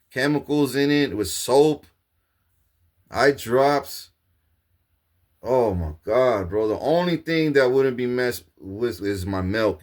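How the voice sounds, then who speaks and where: A man delivering a rambling, profane monologue, grandiose and repetitive, with frequent restarts. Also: medium pitch. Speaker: self-proclaimed king ranting to camera.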